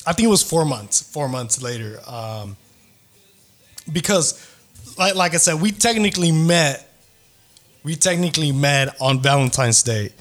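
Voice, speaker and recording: A man's voice: a little high, lively intonation, measured pace, long pauses, fairly bright tone, faint music behind. A young man hosting a podcast, telling rambling, profane stories in casual slang, often laughing as he goes. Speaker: podcast host. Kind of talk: casual storytelling chat.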